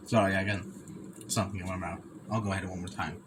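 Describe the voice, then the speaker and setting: A young man reviewing food in a casual vlog, talking haltingly, stumbling over words and repeating himself. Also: sits low, level tone, noisy background.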